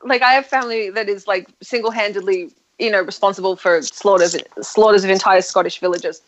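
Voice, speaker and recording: A woman's voice: mid-range voice, steady tone, a little fast. An Australian woman in casual chat, opinionated and talkative, laughing often. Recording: dull lo-fi sound.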